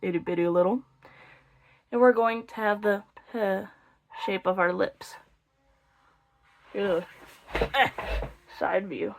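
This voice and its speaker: A young woman with a medium-pitched voice teaches beginner flute at a measured pace, leaving long pauses. She walks through each step and cracks playful jokes at her own expense in this casual instructional video.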